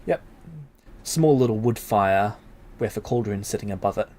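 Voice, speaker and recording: A man narrating a tabletop game as game master, in a relaxed, unhurried way. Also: lowish voice.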